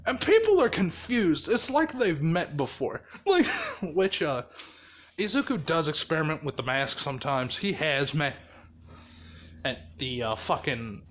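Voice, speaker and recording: A man's voice: on the high side, big pitch swings, measured pace, fairly bright tone. A man casually telling a fan story, rambling and swearing, with frequent laughter. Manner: rambling, profane, laughs often.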